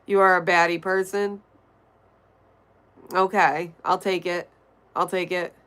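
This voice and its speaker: Nasal, low-voiced woman streamer. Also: little pitch movement, slow pace, fairly bright tone, clean tone. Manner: chatty, reads and answers viewer messages aloud. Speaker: livestream host. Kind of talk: casual livestream chat, reading chat.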